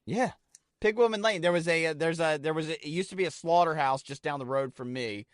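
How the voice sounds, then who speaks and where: A man's voice: fairly high pitch, brisk, dry recording, clean studio sound. A man co-hosting a podcast in casual chat, rambling and swearing as he tells stories. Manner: rambling, profane, excitable. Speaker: podcast co-host.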